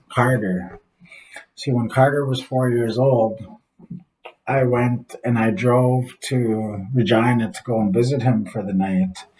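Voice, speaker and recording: An earnest man in his office tells a personal story about his son and his recovery. He talks reflectively at an ordinary pitch and pauses as he goes. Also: darkish tone, poor audio.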